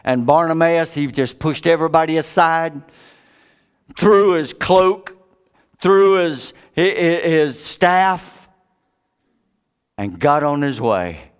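A male preacher delivering an impassioned sermon. His voice is smooth and clear, swinging widely in pitch, and he takes an unhurried, deliberate pace. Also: animated. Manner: dramatic, impassioned, sweeping pitch.

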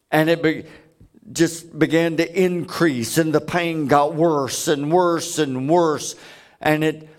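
A man's voice: mid-range voice, a little mellow. A man preaching a sermon, telling stories with emphatic, earnest delivery. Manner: emphatic storytelling.

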